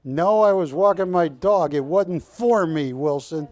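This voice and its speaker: On a TV shopping channel, a middle-aged auctioneer runs a live sale, joking and wandering off topic between bid calls in chatty patter. He speaks without hurry in a slightly high voice with a darkish tone.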